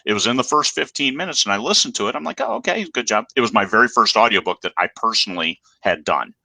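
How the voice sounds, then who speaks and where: A middle-aged man hosts a casual talk show, speaking candidly with many restarts, rambling and poking fun at himself. His lowish voice is fast with a sharp tone, on a dry recording.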